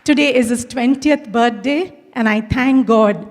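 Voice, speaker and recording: A woman's voice: on the high side, unhurried. A middle-aged woman from India, a school principal, telling personal stories at a conference talk and acting out the dialogue. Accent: Indian English. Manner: storytelling, acts out quoted dialogue. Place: large conference hall. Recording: long hall reverb.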